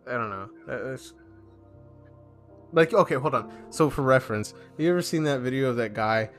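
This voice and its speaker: A man's voice: mid-range voice, normal speed, soft background music. A young man co-hosting a podcast in casual chat, rambling with lots of fillers and swearing, acting out little quoted exchanges. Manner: rambling, heavy filler and swearing, animated impressions. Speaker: podcast co-host.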